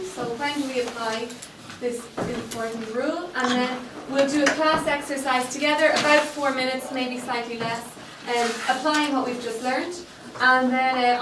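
Patient woman teacher with a high voice, recorded from the back of an echoey classroom. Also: fairly even intonation, moderate pace, hardly any pauses, noisy background. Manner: patient, checks understanding with frequent okay. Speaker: Spanish teacher. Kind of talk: classroom lesson. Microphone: distant room microphone. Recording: echoey classroom, mic far off.

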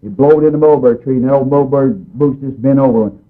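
A man's voice: medium pitch, quick pace. A man preaching a fervent sermon in a folksy, emphatic way, repeating his points over and over. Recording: tinny phone-like recording.

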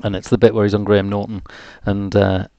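A man's voice: lowish voice, level tone, quick pace, creaky, dark tone, dry recording, dull audio. A man with a mild Geordie accent, hosting a live music stream and rambling jokily to fill time. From North East England. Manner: jokey, chatty, self-deprecating rambling. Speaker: livestream host.

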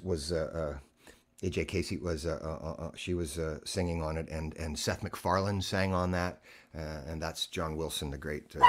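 A man's voice: low voice, bright, forceful tone. A man hosting a casual music livestream from his living room, rambling and self-mocking, with lots of fillers and restarts. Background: keyboard playing.

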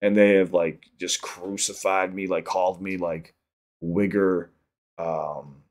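A young man from Chicago with a Chicago accent, chatting casually on a livestream while high, rambling and swearing often. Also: little pitch movement, takes it slowly, a little mellow. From South Side of Chicago. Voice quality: rambling, profane, repeats himself. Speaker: streamer.

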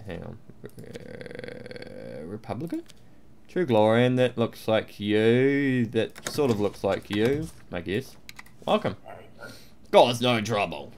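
A man's voice: lowish voice, lively intonation, measured pace, creaky, a little mellow, slight background noise. A man giving playful, mock-official gameplay commentary, humming to himself and swearing now and then. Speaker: let's play host.

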